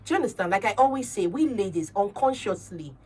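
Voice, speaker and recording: A woman's voice: mid-range voice, fast, husky, recorded from a distance. A woman with a Nigerian accent hosting a radio talk show, speaking assertively and acting out quoted conversations. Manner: assertive, animated, acts out quoted dialogue. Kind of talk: casual radio chat.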